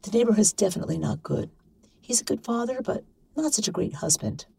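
A woman's voice: medium pitch, animated, a little fast, vocal fry, warm tone, breathy edge, pitched above the performer's own voice, exaggerated voice. A woman reading as a forthright chatty activist woman.

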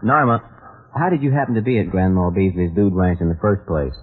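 An actor playing a calm, fatherly cowboy leader with a husky voice, firm and steady, in 1940s radio acting. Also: low-pitched, brisk. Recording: tinny old radio broadcast.

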